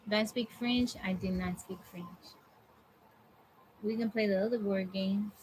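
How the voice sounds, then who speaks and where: A woman hosting a casual live stream, chatting with viewers and greeting them by name, recorded on a phone in a quiet room at home. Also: mid-range voice, steady tone, measured pace, slight background noise, low-quality recording. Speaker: livestream host.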